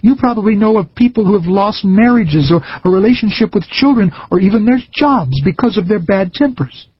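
A man preaching a recorded sermon in an earnest, measured way, with folksy stories. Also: high voice, lively intonation, breathy edge, dry recording, dull audio.

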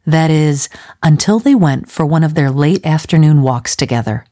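Low-voiced woman reading a story. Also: animated, normal speed, mellow. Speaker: audiobook narrator. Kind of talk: storybook narration.

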